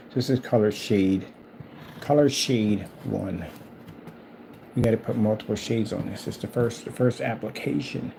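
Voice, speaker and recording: Male vlog host, gravelly and mellow, rambling and mocking. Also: medium pitch, normal speed, a little hiss or hum. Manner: taunting, rambling and repetitive. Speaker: channel host. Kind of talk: casual trash-talking monologue.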